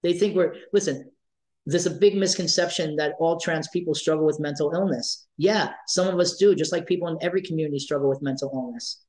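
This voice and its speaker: A man's voice: fairly high pitch, brisk, a little mellow, low-quality recording. A man being interviewed, speaking with passion and emotion and repeating his points for emphasis. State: emotional, near tears. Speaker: advocate for trans youth. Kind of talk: interview guest.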